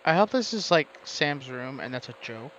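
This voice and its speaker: A man's voice: medium pitch, animated, moderate pace, a bit bright, lo-fi sound, a little hiss or hum. A young man casually commenting while he plays a video game, thinking aloud and guessing at names. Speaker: game streamer. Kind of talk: casual let's-play commentary.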